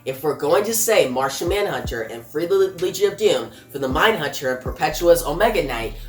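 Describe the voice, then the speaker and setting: A woman reading the lines of a determined young male hero in a low, earnest voice. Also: expressive, a little fast, roomy sound, soft background music. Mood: urgent.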